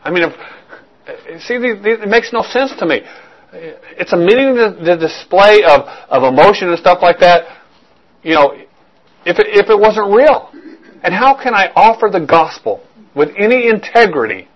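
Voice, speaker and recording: A man's voice: on the high side, a bit bright, highs cut off. A man preaching with a slightly raised voice, earnest and searching. He asks his listeners direct questions, doubles back on his own words and pushes each point home. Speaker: pastor. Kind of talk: sermon.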